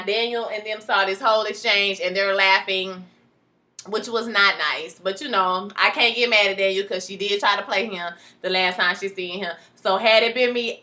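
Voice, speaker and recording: Chatty, bright-voiced woman recapping a show. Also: medium pitch. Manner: chatty, animated, acts out the characters' lines. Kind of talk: casual recap chat.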